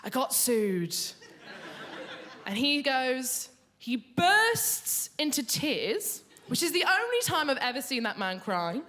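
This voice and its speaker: A woman's voice: high voice, big pitch swings, unhurried, few pauses, pushed and bright. A young woman telling a comic, confessional story onstage at a live storytelling event. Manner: comic, confessional, builds to punchlines.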